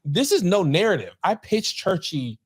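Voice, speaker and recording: Man, podcast host, lively storyteller, slightly high voice. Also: normal speed, slightly rough. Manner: animated storytelling, acting out quotes. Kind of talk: casual chat.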